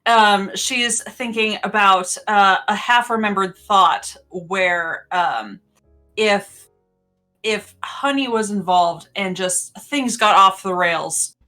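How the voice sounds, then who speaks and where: A woman's voice: medium pitch, slow, pushed and bright, faint music behind. A woman playing a tabletop game, hesitant with many ums as she narrates her character. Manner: hesitant, lots of ums, giggly. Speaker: player. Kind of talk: tabletop role-play narration.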